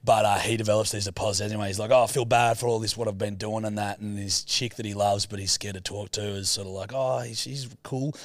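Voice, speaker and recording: A man's voice: fairly low pitch, flat delivery, fast, few pauses, no echo. A man co-hosting a podcast, casually and crudely rambling through a plot with lots of slang and swearing. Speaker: podcast co-host. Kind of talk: casual chat, describing a film for a guessing game.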